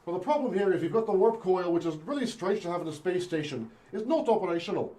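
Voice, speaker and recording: A man's voice: high voice, expressive, fast, dark tone. A man playing a fussy, chatty priest aboard a space station in an improv scene, in a mock Irish accent.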